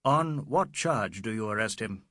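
A man voicing a brisk Englishman who takes charge with firm, brusque reassurance. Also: fairly low pitch, expressive, fairly bright tone, no echo, clean studio sound. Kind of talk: audiobook character voice.

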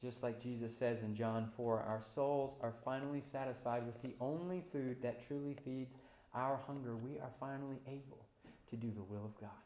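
A pastor preaching a sermon, moving between quiet, low passages and loud, high-pitched climaxes. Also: male voice, fairly even intonation, moderate pace, reverberant.

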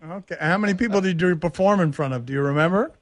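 A male radio host interviewing a guest in a relaxed, conversational way. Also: high-pitched, fast, dry recording. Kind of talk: casual interview.

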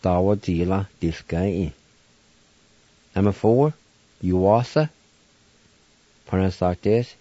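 Man, low mellow voice, slow deliberate radio lesson, dry dull lo-fi sound. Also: no room sound. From Oklahoma, United States. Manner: patient, spells words out slowly. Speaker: language teacher. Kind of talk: slow radio language lesson, spelling out syllables.

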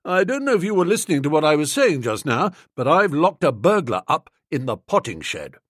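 A man doing a cocky, patronizing young gent, quick and bouncy, dry close read. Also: a little high, sing-song, no room sound. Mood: self-satisfied. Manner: brisk, self-satisfied, patronizing. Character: boastful excitable young English gentleman.

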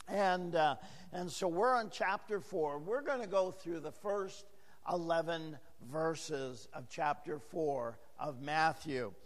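A hoarse, gravelly-voiced man preaching a verse-by-verse sermon as pastor, chatting with jokes to the congregation in a church. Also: on the high side, slow, long reverb tail. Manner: chatty, joking asides to the congregation. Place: church sanctuary.

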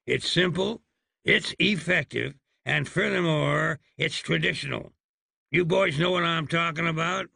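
A man's voice: a little high, unhurried, vocal fry, pushed and bright, husky, no room sound, pitched above the performer's own voice, exaggerated voice. A man doing a sly drawling frontier cowboy. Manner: drawling folksy slang.

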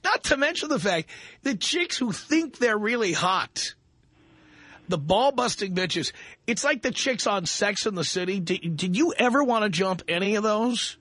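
Bright, high-voiced blunt radio host man. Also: lively intonation, measured pace, husky, dry recording. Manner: blunt, emphatic, mocking. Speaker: radio talk show host. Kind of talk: call-in talk radio.

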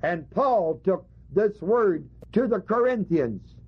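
Husky-voiced male preacher teaching scripture. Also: high-pitched, sing-song, takes it slowly. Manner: emphatic teaching with rhetorical questions to the congregation. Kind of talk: sermon. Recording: dull lo-fi recording.

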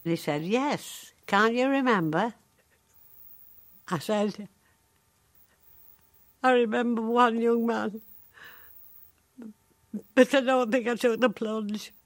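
An actress playing a sharp-tongued, ninety-five-year-old woman in a care home, telling her story in a dry, deadpan, wry way with a Northern English accent. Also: on the high side, takes it slowly, pauses often. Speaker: monologue character. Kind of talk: dramatic monologue.

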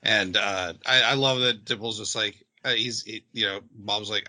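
A man's voice: on the low side, fairly even intonation, normal speed, few pauses, pushed and bright, no echo. A man on a podcast enthusiastically quoting his favorite anime moments. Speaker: podcast co-host. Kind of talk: casual anime discussion.

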